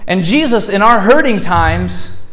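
A male pastor preaching a sermon in a church, moving between raised, emphatic lines and soft, gentle ones. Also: sits high, expressive, unhurried. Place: church sanctuary.

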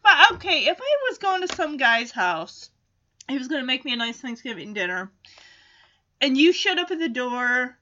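A woman with a high, bright voice talks through a cartoon episode in casual recap style. She is sarcastic and animated and keeps dropping into quick character voices. The recording sounds a bit dull and lo-fi. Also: slight background noise. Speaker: cartoon reviewer.

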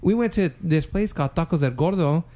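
High-voiced young man telling a story. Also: brisk. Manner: animated, profane storyteller who acts out quotes. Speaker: podcast co-host. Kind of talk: casual storytelling chat.

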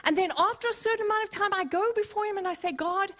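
A woman pastor preaching a sermon, expressive and playful, with humorous asides to the congregation. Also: extremely high pitch, very fast. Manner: expressive, acts out scenes.

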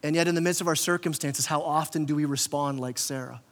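A man's voice: fairly high pitch, quick pace, in a large hall. A man preaching a conversational sermon as pastor, often repeating words and acting out quotes. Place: church hall.

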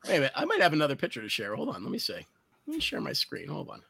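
High, bright-voiced man telling rowdy stories. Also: racing, gravelly, breathy edge. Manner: profane, laughing, animated storyteller. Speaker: host reminiscing with friends. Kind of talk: casual storytelling chat.

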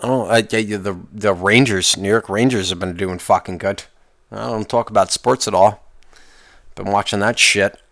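Gravelly man in a profane ranting podcast. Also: on the low side, steady tone, normal speed, a bit bright, no echo, studio quality. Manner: profane, rambling, restarts often; complaining, exasperated. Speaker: podcast host. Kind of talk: solo podcast rant.

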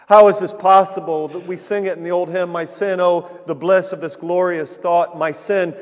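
A man preaching a sermon in an earnest style, rising to loud emphasis and then dropping to a hushed, soft tone. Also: high-pitched, fairly even intonation, moderate pace, few pauses, long reverb tail. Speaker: pastor.

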